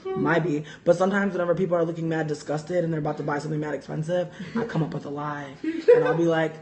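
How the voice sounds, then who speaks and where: A young woman hosts a casual livestream with music in the background, speaking fast in a deep voice. She tells profane, animated stories full of "like" and laughter while reading viewer comments.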